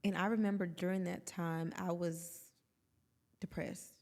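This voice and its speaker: A woman's voice: fairly low pitch, level tone, unhurried, creaky, a little mellow, long reverb tail. A woman in her thirties, co-hosting a podcast, chatting openly and expressively with quoted asides. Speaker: podcast co-host. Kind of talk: candid conversational podcast chat.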